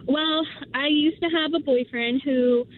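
Very high female caller, sing-song; tinny phone audio. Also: fairly even intonation, measured pace, slight background noise. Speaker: radio caller. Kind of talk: casual chat.

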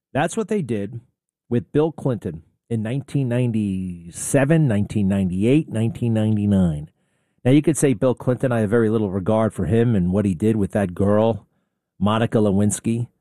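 A man's voice: medium pitch, vocal fry, mellow, no room sound, clean studio sound. A man hosting a talk radio show, rambling and sarcastic with offhand asides. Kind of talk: opinionated talk radio commentary.

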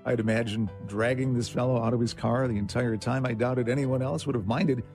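A man narrates a short story in an expressive reading style, his voice mid-pitched and steady. Faint instrumental music plays underneath him throughout. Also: brisk. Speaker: story segment reader. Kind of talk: scripted narration.

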